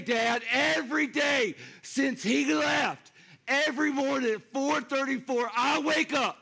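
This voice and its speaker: A man playing a furious, shouting older brother. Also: high-pitched, heavily acted. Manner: shouting, accusing, drawn-out emphasis. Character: resentful older brother, young man, bitter and indignant.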